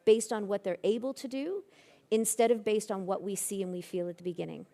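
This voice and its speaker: A woman's voice: mid-range voice, a little fast, vocal fry, warm tone. A woman giving a conference talk, telling anecdotes with self-deprecating humor. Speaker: keynote speaker. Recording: long reverb of a hall.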